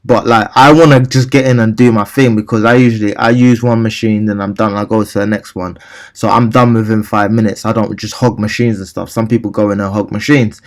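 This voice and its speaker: A man's voice: on the low side, fairly even intonation, fairly quick. A young man telling a long, rambling story and ranting about it, acting out his own replies. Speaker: vlogger. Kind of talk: casual storytelling rant.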